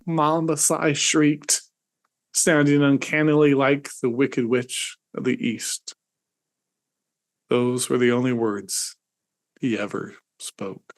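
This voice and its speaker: A man's voice: flat delivery, takes it slowly. Man reading comic fiction dramatically. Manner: dramatic, swings into high pitch at comic peaks. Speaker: host and author. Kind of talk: reading satirical fiction aloud.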